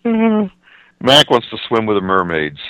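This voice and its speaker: A man's voice: on the low side, wildly swooping pitch, a little slow, smooth, no echo, highs cut off. A man co-hosting a casual podcast chat, teasing and prodding the others. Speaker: podcast co-host.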